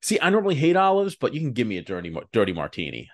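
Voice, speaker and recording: Lively man telling stories on a podcast. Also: medium pitch, very fast. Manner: animated storyteller, acts out quoted people. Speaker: podcast co-host. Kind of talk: casual chat.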